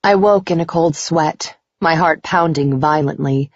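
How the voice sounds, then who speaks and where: A woman narrating a first-person romance audiobook in a slow, intimate way. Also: low voice, no room sound. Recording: slightly dull lo-fi recording.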